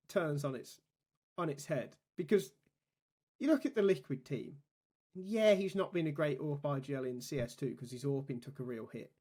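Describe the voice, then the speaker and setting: High-pitched, quick-talking male co-host. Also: darkish tone. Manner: quick, argumentative, cuts in. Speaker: podcast co-host. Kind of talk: casual chat.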